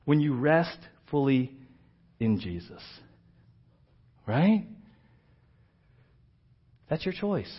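A middle-aged male pastor preaches a sermon conversationally, often asking "right?" to check in and acting out quoted characters with big jumps in loudness. His voice sits on the high side with a breathy edge, very animated but extremely slow, with long pauses. The recording is slightly muffled.

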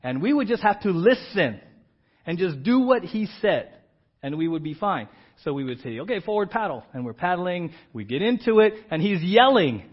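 Man preaching an animated, story-filled sermon. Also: moderate pace, breathy edge. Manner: animated, acts out shouted commands with rising pitch and volume. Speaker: pastor. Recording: dull, slightly lo-fi church audio.

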